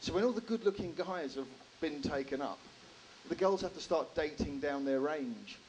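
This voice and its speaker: A man doing a stand-up comedy set in a live room, animated, swearing freely and acting out characters. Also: fairly high pitch, moderate pace, slight background noise, rough recording.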